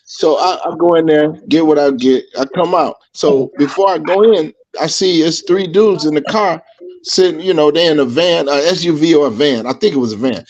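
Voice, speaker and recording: A man hosting a podcast, talking in casual chat and telling stories in a profane, animated way, acting out what people said. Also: on the high side, normal speed. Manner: animated, profane, acts out quotes. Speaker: podcast host. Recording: dull lo-fi stream audio.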